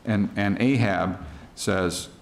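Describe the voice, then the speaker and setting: A man's voice: on the low side, takes it slowly, gravelly. A middle-aged American man leading a church Bible study, talking through worksheet questions in a plain, conversational way and retelling scripture in everyday words. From United States.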